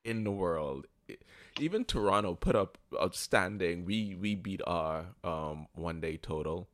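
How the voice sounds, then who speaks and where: A man's voice: low voice, lively intonation, a little slow, a bit bright. A man co-hosting a casual podcast, riffing with strong opinions and sports comparisons. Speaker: podcast co-host. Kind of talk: casual chat.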